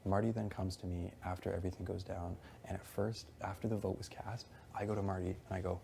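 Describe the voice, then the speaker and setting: A man's voice: sits low, level tone, quick pace, creaky, dark tone, slight background noise. A young man in casual conversation, retelling events in a rambling, heated way, quoting others and swearing often. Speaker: reality show houseguest.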